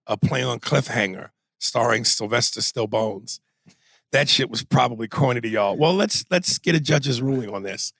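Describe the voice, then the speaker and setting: A man's voice: medium pitch, moderate pace, creaky, fairly bright tone, no echo, clean studio sound. A man co-hosting a comedy podcast, joking and cursing as he reads listener emails aloud. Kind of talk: casual comedic podcast chat.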